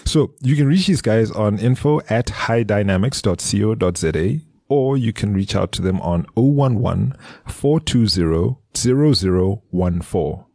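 A man co-hosting a studio podcast, his voice low and husky. He rambles loosely through ad reads and announcements, restarting sentences as he goes. The sound is dry and close. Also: mellow, no echo. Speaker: podcast co-host, business strategist. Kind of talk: casual podcast chat and ad reads.

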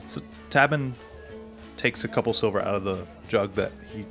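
Dry, matter-of-fact player. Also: male voice, on the low side, moderate pace, a bit bright, soft background music. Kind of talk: casual tabletop play.

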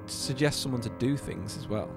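A man's voice: mid-range voice, normal speed, music in the background. A young man co-hosting a podcast, chatting casually and animatedly, swearing and losing his train of thought. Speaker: podcast co-host. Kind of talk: casual chat.

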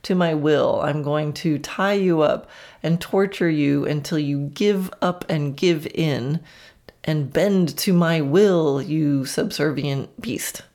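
A woman voicing a cruel tormentor who threatens in a slow, theatrical, commanding way. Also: deep voice, darkish tone. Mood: mock menace.

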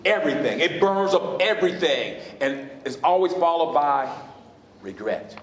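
A man's voice: on the high side, expressive, unhurried, pauses often, slight background noise. A man preaching a sermon as pastor, questioning his congregation in call-and-response style from a church sanctuary. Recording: echoey hall.

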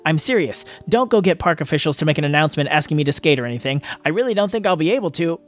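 A sharp-tongued, sarcastic pregnant young woman trading barbs with an old friend, as a man reading the story voices her. Her voice sits a little high. She sounds defensive and teasing, and faint music plays behind her. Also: lively intonation, very fast, lightly acted. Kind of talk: audiobook reading.

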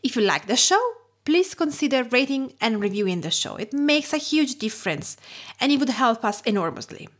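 A woman of about forty from Tuscany hosts her podcast in English with an Italian accent, her voice set a little high. She reads a prepared script expressively, with her pitch swinging widely. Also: big pitch swings, moderate pace. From Tuscany, Italy. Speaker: podcast host and cook.

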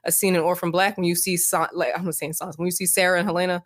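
A young adult woman co-hosting a casual podcast, talking in an animated, emphatic, slangy way and voicing strong opinions. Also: fairly low pitch, racing. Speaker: podcast co-host. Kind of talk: casual podcast chat, reading book passages aloud.

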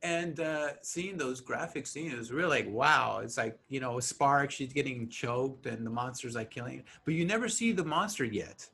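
A man's voice: mid-range voice, moderate pace, creaky, hardly any pauses, a little hiss or hum. A man co-hosting a podcast, chatting casually about a film and acting out its characters. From Mexican-American. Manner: animated, acts out film characters. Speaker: podcast co-host. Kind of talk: casual movie chat.

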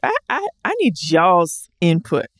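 A woman co-hosting a podcast in casual chat, animated, laughing often and repeating herself. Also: on the low side, unhurried, no room sound, studio quality. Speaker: podcast co-host.

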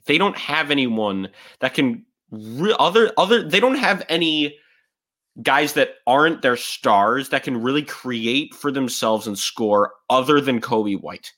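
A man co-hosting a sports podcast, chatting casually and rambling with lots of restarts. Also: medium pitch. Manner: animated, rambling with many restarts.

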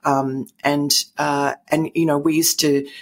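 A woman's voice: low-pitched, little pitch movement, a little slow. Chatty Australian woman, full of fillers. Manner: rambling, many fillers and restarts. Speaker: guest columnist. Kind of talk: conversational interview.

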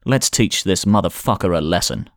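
A man's voice: low-pitched, lively intonation, moderate pace, no echo, studio quality. A man doing a growling, foul-mouthed mercenary. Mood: aggressive. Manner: growling, profane. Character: brawny mercenary man, crude and aggressive.

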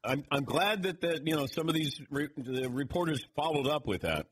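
A man's voice: fairly high pitch, expressive, normal speed, slightly rough. A man hosting a sports talk radio show, sarcastic and laughing often.

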